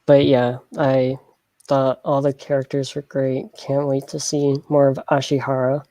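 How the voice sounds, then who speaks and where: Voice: mid-range voice, flat delivery, measured pace, mellow, no echo. A podcast panelist chatting casually, hesitant with many ums. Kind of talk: casual group chat.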